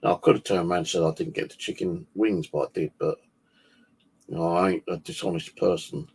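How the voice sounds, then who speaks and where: A man's voice: deep voice, fairly even intonation, a little fast, a little mellow, slightly rough. A man casually rambling on a livestream, swearing freely and chatting loosely as the channel host.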